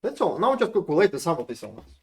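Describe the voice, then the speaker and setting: Man, Russian accent, university lecturer, animated pitch, slightly high voice, halting restarts. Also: a little hiss or hum. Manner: restarts and repeats words while working through examples. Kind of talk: live lecture explaining code.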